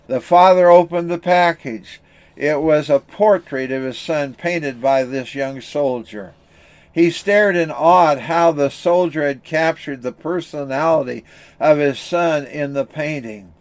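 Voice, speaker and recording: A man preaching a sermon, telling an illustration story in an earnest, steady way. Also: on the high side, unhurried. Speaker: pastor.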